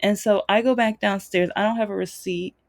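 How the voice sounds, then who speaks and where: A woman's voice: mid-range voice, steady tone, brisk, darkish tone. A woman hosting her own show, telling a personal story in an emotional, frank way. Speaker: podcast host.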